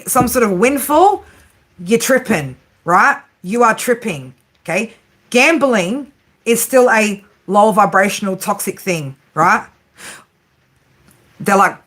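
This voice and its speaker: A woman in her thirties talks straight to camera through a tarot reading, loose and conversational. She swears without a second thought and laughs easily, and she keeps checking in with a quick "right?" after her points. Her voice sits in a middling register. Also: medium pitch, a bit bright. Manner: chatty and blunt, swears freely, laughs often, tags lines with "right?". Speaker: tarot reader and psychic.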